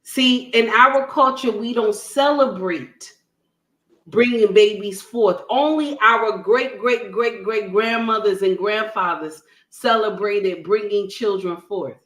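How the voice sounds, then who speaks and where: A woman appearing as a guest on an online panel relates something personal, her voice medium-pitched and fairly bright, her pace slow. Emphatic throughout, she checks in with listeners using "okay?" and "right?", all in an echoey room.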